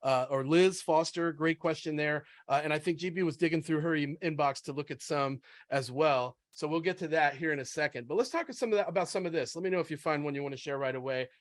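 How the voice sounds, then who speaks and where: A man's voice: a little high, quick pace, hardly any pauses, no room sound, studio quality. A man hosting a sales webinar, talking in a casual, upbeat, conversational way as he leads the discussion. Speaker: webinar host.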